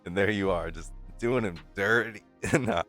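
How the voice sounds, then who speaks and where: A man's voice: on the low side, unhurried, fairly bright tone, no room sound, soft background music. A man hosting a casual podcast, laid-back, laughing along and asking loose questions full of fillers. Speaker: podcast host. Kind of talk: casual chat.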